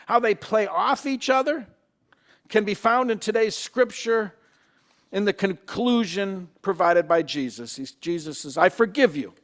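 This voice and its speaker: A male pastor with a high-sitting, fairly bright voice preaches a conversational sermon, asking the congregation questions and acting out quoted voices. He sometimes repeats himself when he restarts a thought.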